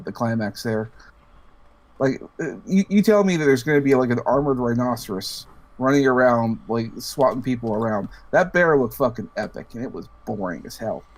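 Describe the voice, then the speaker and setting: A man co-hosting a casual podcast chat, giving laid-back opinions with some hesitation. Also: medium pitch. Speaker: podcast co-host.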